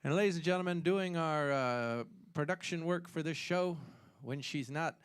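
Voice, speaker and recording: A man hosting a live showroom music show, joking with the crowd in comic patter and swooping up in pitch on punchlines. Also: normal speed, clean tone. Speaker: show host and singer.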